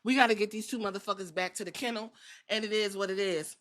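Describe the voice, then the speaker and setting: Brash male wrestler impression, rapid profane lecture, played by a woman, bright and quick. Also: mid-range voice, steady tone, natural voice. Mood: weary, brisk. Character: brash fast-talking male wrestler, scolding.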